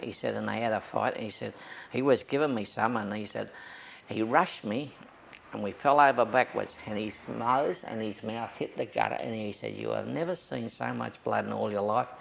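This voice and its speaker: A man's voice: lowish voice, normal speed, gravelly, a little hiss or hum. An older Australian man telling anecdotes from his youth in an oral history interview, acting out the voices of the people he quotes.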